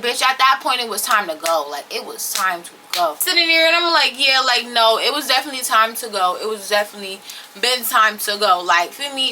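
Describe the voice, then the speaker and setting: Young woman vlogger, very bright, slightly high voice, animated and slangy storytelling, on a camera mic. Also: slight background noise. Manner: animated, profane, slangy, emphatic. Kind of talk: casual storytime chat to camera. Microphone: camera or phone on-board mic.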